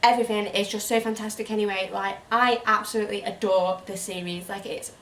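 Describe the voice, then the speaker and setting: A woman's voice: medium pitch, fairly even intonation, fairly quick, fairly bright tone, echoey room, far from the mic, slight background noise. Woman chatting a little off-mic. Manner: chatty, lots of "like", can't stop laughing once started. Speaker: book channel co-host. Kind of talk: casual chat.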